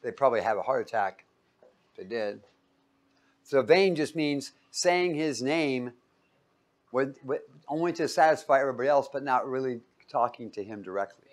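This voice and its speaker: A man's voice: mid-range voice, expressive, moderate pace. A man teaching a Bible class in a playful way, quizzing his listeners and joking with them as he talks to a live group. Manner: playful, quizzes the audience and jokes.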